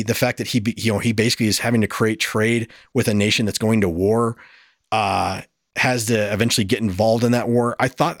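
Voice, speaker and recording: A man's voice: mid-range voice, no room sound, studio quality. Exasperated, profane man ranting dryly. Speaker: podcast host. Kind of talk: casual review chat.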